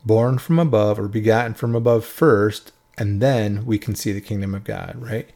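A man explaining Bible verses in a relaxed, conversational way, often checking in with a questioning "right?". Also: on the low side, moderate pace. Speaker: Bible teacher.

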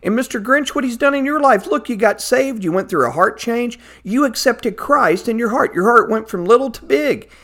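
A man voicing a teasing, chuckling older male church deacon who rambles through stories in a lowered voice. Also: lively intonation, normal speed, few pauses, a bit bright.

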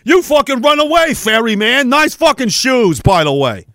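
A man voicing a brash, crude male firefighter who loudly jeers and swears. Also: extremely high pitch, very animated, moderate pace, no room sound, clean studio sound, voice pushed up, full character voice. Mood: jeering. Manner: loud, jeering, profane.

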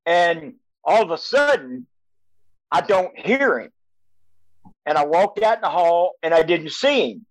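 Older retired coach; high, dry voice; rambling, stop-start storytelling over a video call. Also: male voice, expressive, no room sound, low-quality recording. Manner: halting, repeats words, chuckles as he tells. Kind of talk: storytelling on a casual podcast.

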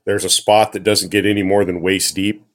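Deep-voiced, easygoing man. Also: fairly quick. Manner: relaxed, matter-of-fact storyteller. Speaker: guest. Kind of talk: casual chat.

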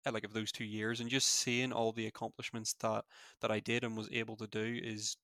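A young man with a Belfast accent who talks quickly, full of fillers and restarts, in a casual interview. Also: fairly low pitch, little pitch movement, sharp tone, no echo, studio quality. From Northern Ireland. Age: young adult. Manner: fast-talking, many fillers and restarts. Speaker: former student guest.

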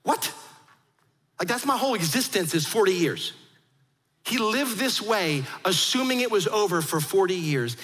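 Animated high-voiced male pastor preaching. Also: big-room sound. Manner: animated, acts out quoted voices. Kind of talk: sermon.

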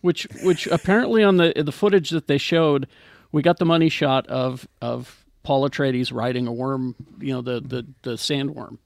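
A man hosting a podcast, presenting film news in casual chat with many halting fillers. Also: medium pitch, steady tone, creaky, no echo, clean studio sound. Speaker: podcast host.

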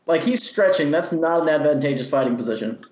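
A man's voice: on the high side, animated, fast. A man playing a tabletop game in a joking, laughing way. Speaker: player. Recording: dull echoey room sound.

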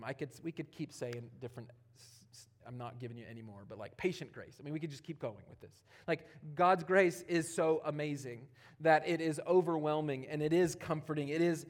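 Male pastor, higher voice, animated sermon delivery, casual asides, big swings between loud and soft. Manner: animated, swinging from loud emphatic preaching to quiet near-whispers; conversational, with casual asides and playful quoted voices.

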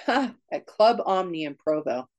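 A woman telling a raw personal story in an interview, candid and emotional, speaking in quick bursts with frequent restarts. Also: on the low side, big pitch swings, a little mellow. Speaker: guest.

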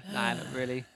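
A man's voice: mid-range voice, a bit bright, dry recording. Quipping guy, dry mid voice. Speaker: podcast co-host. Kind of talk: casual banter.

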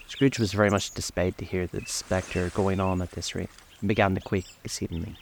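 A man narrating a classic story in a measured, even audiobook style. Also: low voice, vocal fry, slight background noise.

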